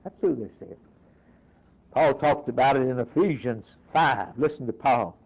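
A man with a mid-range, darkish voice preaches a sermon at a measured pace, first reading scripture aloud and then hammering his points home in short, emphatic phrases. The recording is dull and lo-fi.

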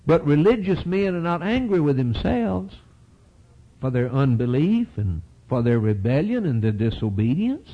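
In a muffled recording, a man preaches an impassioned sermon with a folksy, repetitive cadence, surging to loud peaks and then dropping into low, quiet asides.

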